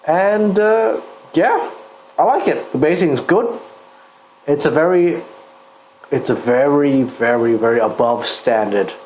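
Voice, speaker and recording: A drunk man co-hosting a casual chat, tipsy and loud, swearing freely. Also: a little high, animated, measured pace, pauses often, slight background noise, low-quality recording. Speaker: co-host reviewing painted miniatures.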